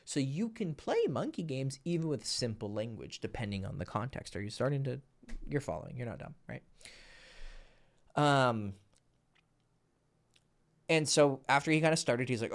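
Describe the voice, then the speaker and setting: A man coaching viewers on dating tells a story in a loose, casual way. His voice sits at an ordinary mid pitch and swings between quiet asides and loud, laughing bursts. He swears freely. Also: animated, moderate pace, long pauses.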